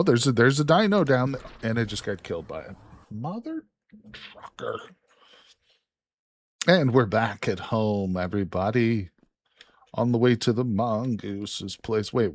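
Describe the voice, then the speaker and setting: A relaxed man streaming a survival game, chatting to his viewers with easy jokes and a slightly husky, lowish voice. He talks in a loose, unhurried way. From Illinois, USA. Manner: laid-back, joking asides. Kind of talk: casual live-stream commentary.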